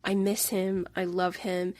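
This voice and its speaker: A woman hosting a book review podcast, talking in an earnest, deeply emotional way into a close mic. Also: monotone, unhurried, darkish tone, no echo. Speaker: podcast host.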